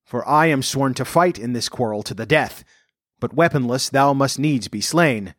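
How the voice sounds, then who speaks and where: A man's voice: mid-range voice, normal speed, fairly bright tone, dry recording, close to an everyday voice. Guy reading as a proud hurt old-timey king, commanding, archaic talk, dry close sound. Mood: defiant. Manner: archaic courtly speech, commanding. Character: proud wounded medieval king, male, adult. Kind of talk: audiobook reading.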